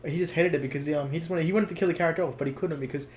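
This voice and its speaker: Fast-talking teen boy, faint hiss behind. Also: fairly high pitch, steady tone. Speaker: podcast co-host. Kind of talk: casual chat.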